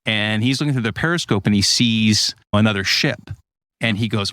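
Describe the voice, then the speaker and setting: A man in casual conversation, explaining ideas through lively stories and acted-out quotes. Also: fairly low pitch, normal speed, no echo. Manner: animated storyteller, acts out quotes.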